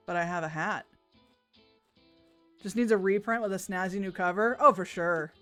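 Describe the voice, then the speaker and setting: A woman's voice: medium pitch, moderate pace, pauses often, fairly bright tone, faint music behind. A woman streaming a game, chatting casually and reading the characters' lines aloud in put-on voices. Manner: chatty, laughs often, puts on voices for characters.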